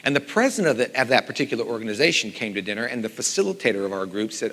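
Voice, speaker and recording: Animated man speaking in a reverberant hall. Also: mid-range voice, fast. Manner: animated storytelling with lively voiced quotes. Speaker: composer and teacher giving a conference talk. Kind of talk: conference talk. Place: conference hall.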